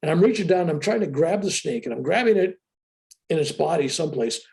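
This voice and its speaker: An older man tells a story in an interview with animated excitement, his voice a little high. There is a gravelly edge to it as he talks from a room over a video call. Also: brisk. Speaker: interview guest. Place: room with a sheetrock wall.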